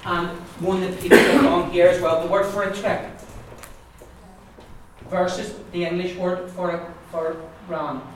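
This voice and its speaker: Steady in tone and measured in pace, a medium-pitched teacher leads a group pronunciation lesson in a classroom, patiently drilling words over and over. The recording is far from the mic, noisy, and heavily echoey.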